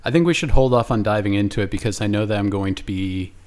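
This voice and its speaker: Man, lowish voice, podcast co-host, deadpan humor, methodical explanations. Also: fast talker. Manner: dry, deadpan jokes, lays out points methodically. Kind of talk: casual movie commentary chat.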